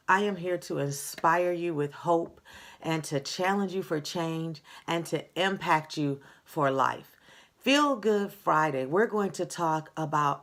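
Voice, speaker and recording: A middle-aged woman gives a motivational talk in a low voice with a gravelly edge. She speaks slowly and earnestly, with the odd filler. Her tone stays encouraging as she addresses the listener directly. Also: fairly bright tone.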